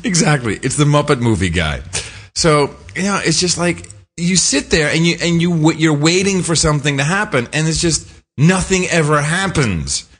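A man with a slightly high, bit-bright voice and a breathy edge co-hosts a relaxed podcast, speaking expressively at a moderate pace. His film recap wanders, punctuated by fillers, false starts and laughter.

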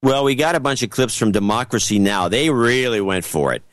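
A male podcast co-host talks in a lively, swooping voice, sarcastic and full of restarts as he reads from a report. His voice is recorded close and dry, with no room sound. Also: medium pitch, a little fast, no echo. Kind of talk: casual political chat.

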